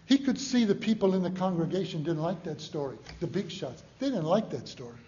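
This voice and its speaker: An older man preaching a storytelling sermon in a folksy, humorous, animated way. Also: high-pitched, brisk, reverberant, muffled recording, a little hiss or hum.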